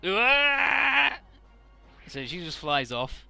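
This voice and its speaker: A man's voice: on the high side, expressive, measured pace, bright, forceful tone, no room sound, faint music behind. A man giving casual gameplay commentary, retelling story scenes with acted quotes and some swearing. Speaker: let's play commentator.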